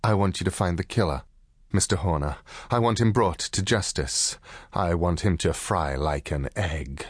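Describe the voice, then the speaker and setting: A man reading an audiobook and voicing a cool, determined woman client, husky and lowered. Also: moderate pace, dry recording, clean studio sound. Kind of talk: audiobook character voice.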